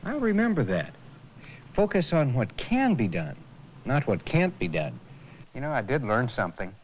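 A man's voice: mid-range voice, very animated, normal speed, highs cut off, natural voice. An actor playing an eager man learning about customer service, in a 1980s educational film. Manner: eager, questioning. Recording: faint hiss on an old tape transfer.

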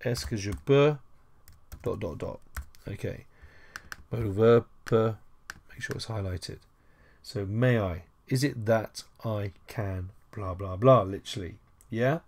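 A man explains a lesson at an unhurried pace, pausing often over fillers. His voice sits low, and he slips in playful, mock-formal asides as he goes. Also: a little mellow, slight background noise. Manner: chatty, jokey asides, frequent "uh" and "so". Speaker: language teacher. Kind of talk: screen-recorded language lesson.

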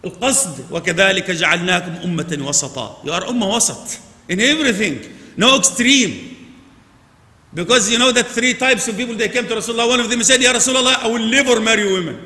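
Male imam, fairly high bright voice, loud urging then hushed asides, echoing mosque hall. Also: fast. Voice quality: non-native English with Arabic phrases. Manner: swings from loud emphatic urging to low quiet asides. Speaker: imam giving a Friday sermon. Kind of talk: sermon. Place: large mosque prayer hall. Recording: echoey mosque hall with long reverb.

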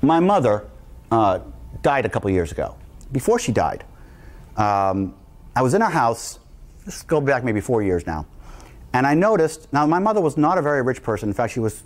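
A guest speaker, a middle-aged man from New Jersey, addresses a live audience in a mid-range voice. He is emphatic and repetitive, hammering each point home.

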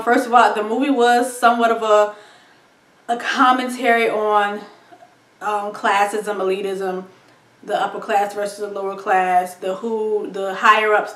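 A woman's voice: mid-range voice, a bit bright, recorded from a distance. A woman reviewing a film in a casual, rambling monologue, full of fillers and frequent laughs. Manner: chatty, rambling, laughs often, lots of ums and likes. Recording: echoey room, voice set back from mic.

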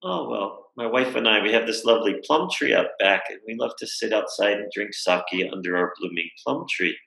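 A man doing a gentle elderly gentleman. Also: on the low side, normal speed, gravelly, roomy sound, low-quality recording. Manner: mild, friendly invitation. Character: gentle elderly man in kimono, kind and soothing.

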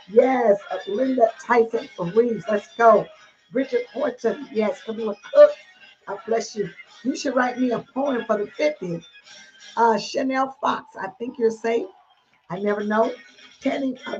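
Woman bishop, slightly high voice, exuberant, greeting viewers by name; dull lo-fi stream with music behind. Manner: exuberant, calls out names, laughs often. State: teary and emotional. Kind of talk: livestream greeting to online congregation.

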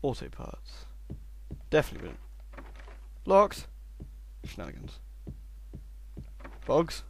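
A young man giving sarcastic gameplay commentary and shouting insults at the game. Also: fairly high pitch, wildly swooping pitch, slow, vocal fry, a little hiss or hum. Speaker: let's play host.

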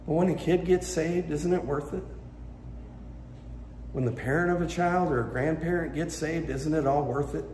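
A male pastor preaches with passion, his emphatic lines rising and pressing forward. His voice sits a touch high for a man and rings through a roomy church sanctuary with a faint hum of ambience behind. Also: moderate pace, darkish tone. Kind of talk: sermon.

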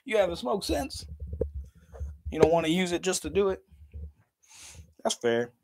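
A man's voice: high voice, big pitch swings, unhurried, creaky, noisy background. A man in his thirties chatting casually on a livestream, laughing often, swearing freely and talking straight to his viewers. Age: 30s.

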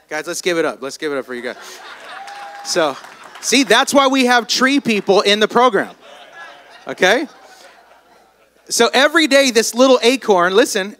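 A man giving a motivational speech at a live event, telling stories with energy and calling on the crowd to respond. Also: high-pitched. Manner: energetic, storytelling, calls on the crowd. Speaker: motivational business speaker.

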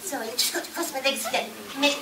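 A woman's voice: high-pitched, quick pace, lightly acted. A woman playing a cheeky, chatty newborn baby girl, telling a rambling story with giggles and constant tangents in a live comedy act. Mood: giggly. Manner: giggly, rambling, easily sidetracked. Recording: echoey, distant mic, loud background noise.

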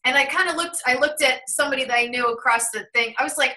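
Bright, animated woman telling a story. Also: high voice, rapid-fire, recorded from a distance, low-quality recording. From Ohio, USA. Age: 30s. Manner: animated storyteller, acts out quoted remarks. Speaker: host of a tarot and numerology channel. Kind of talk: casual storytelling on a call.

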